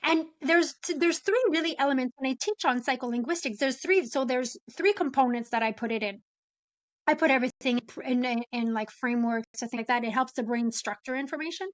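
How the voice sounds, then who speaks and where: High-voiced woman coach explaining. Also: fairly quick, no room sound. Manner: animated explainer, acts out example phrasings. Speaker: podcast guest, business and mindset coach. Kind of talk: conversational interview.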